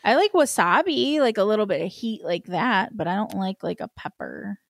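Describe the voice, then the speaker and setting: A woman's voice: medium pitch, lively intonation, moderate pace, vocal fry, no room sound. A woman co-hosting a podcast in casual chat, blunt, crude and self-mocking.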